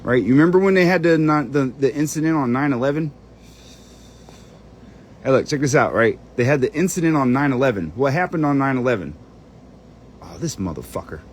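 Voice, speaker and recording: A man's voice: mid-range voice, animated, a little fast, long pauses, slight background noise. A man rambling while he searches through documents on screen, muttering to himself and cursing under his breath. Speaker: channel host. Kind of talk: rambling screen-share monologue.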